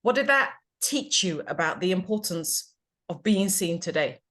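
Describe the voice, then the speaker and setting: A woman's voice: fairly low pitch, lively intonation, moderate pace, fairly bright tone. A woman hosting a talk show, speaking in a reflective, coach-like way and asking long questions. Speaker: podcast host. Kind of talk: interview conversation.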